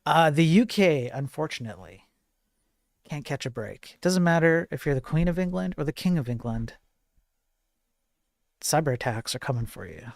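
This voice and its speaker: A man's voice: a little high, lively intonation, moderate pace, creaky, long pauses, no room sound, clean studio sound. A man hosting a casual live-streamed tech news show, rambling and chatty with lots of fillers and jokey asides to his chat.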